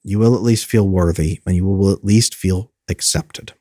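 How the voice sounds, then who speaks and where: A man's voice: low voice, moderate pace, mellow, no echo. Earnest man coaching in a dry, close sound. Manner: coaching, earnest, brief exaggerated voices for quoted thoughts. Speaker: attachment specialist, guest. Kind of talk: earnest explanatory advice.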